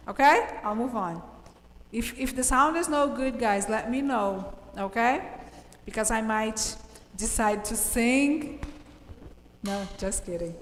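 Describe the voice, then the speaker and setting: A woman's voice: fairly high pitch, a bit bright, slight background noise. A woman teaching an English grammar lesson, emphatic and checking in with "okay?" as she explains. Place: classroom. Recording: echoey roomy sound with faint ambience.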